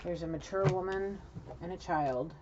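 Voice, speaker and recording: A woman with a low voice gives a chatty, profane tarot card reading. The sound is dull and lo-fi, with loud hiss running under her voice. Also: normal speed. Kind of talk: casual spoken card reading.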